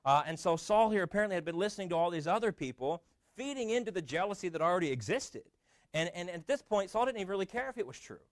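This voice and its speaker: Pastor, male, sermon delivery, slightly high voice, dry close sound, chatty with many ums. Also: expressive, quick pace, no echo. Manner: conversational preaching with frequent fillers and restarts.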